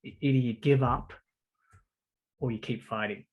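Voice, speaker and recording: A man in casual podcast conversation, telling a story with lively energy. He stumbles over and repeats his words and keeps tossing in friendly "bro" and "mate". His voice sits at an ordinary, middle pitch. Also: moderate pace, slightly rough, dull audio. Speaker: podcast host.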